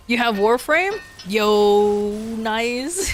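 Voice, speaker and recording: A woman's voice: mid-range voice, unhurried. A woman streamer chatting casually with her viewers, playful and joking, laughing often. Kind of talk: casual live-stream chat.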